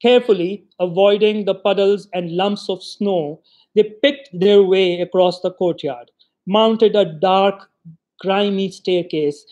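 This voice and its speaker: Male literary reader, high register, expressive storyteller. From Pakistan. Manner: expressive storytelling, voices the quoted lines. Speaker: reader of short stories. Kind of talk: literary reading.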